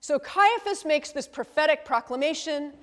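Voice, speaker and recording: Woman pastor preaching, pretty high voice, chatty and asks the room stuff, big echoey church hall. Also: expressive, normal speed, fairly bright tone. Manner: conversational, frequent tag questions to the congregation. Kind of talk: sermon. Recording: long reverb of a large hall.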